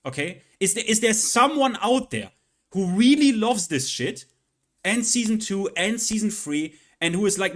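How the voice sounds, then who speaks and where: A man's voice: high-pitched, expressive, moderate pace, fairly bright tone. A man streaming live, ranting casually and profanely in an exasperated, rambling way, often restarting his sentences.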